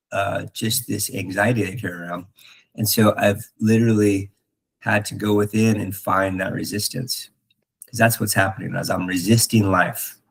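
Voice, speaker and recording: A man with a low, gravelly voice and a husky edge talks through spiritual ideas. He is earnest and halting, stopping and restarting often with fillers. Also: rough recording. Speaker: podcast host. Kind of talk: reflective spiritual talk.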